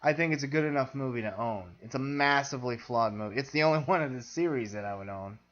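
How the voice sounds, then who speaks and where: A man's voice: medium pitch, fast, fairly bright tone. A man with a mid-range voice gives blunt, wry opinions and teases his co-host in a casual chat. The audio is dull and lo-fi, with a muffled home-podcast quality. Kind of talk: casual film discussion.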